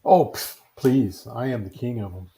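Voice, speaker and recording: A man's voice: medium pitch, normal speed, noisy background. A man co-hosting a stream in casual chat, teasing the others with dry jokes.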